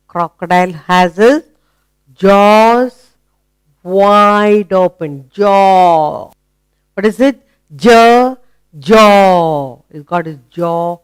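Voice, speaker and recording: A woman leads a children's phonics lesson, asking simple questions and praising each answer. Her voice is smooth and clear, and she takes her time. The recording is close and dry. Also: fairly low pitch, no echo. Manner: slow, patient questioning with praise. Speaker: teacher.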